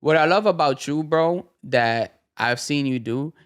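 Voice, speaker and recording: A man's voice: fairly high pitch, unhurried, clear, resonant tone. A man hosting a casual podcast chat, switching between English and Spanish with lots of slang.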